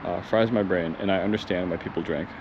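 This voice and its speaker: Excitable rambling man, lo-fi vlog audio. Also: sits low, quick pace. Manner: excitable, rambling, swears, laughs often. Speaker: vlogger. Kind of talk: casual travel vlog. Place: outdoors and in temples while traveling. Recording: dull lo-fi audio with clear background noise.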